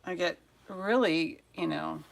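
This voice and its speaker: A woman's voice: on the low side, slow, vocal fry. A woman hosting a live jewelry sale stream, chatting casually and muttering to herself while fighting her devices, then greeting viewers one by one. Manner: flustered, chatty, muttering to herself over tech trouble.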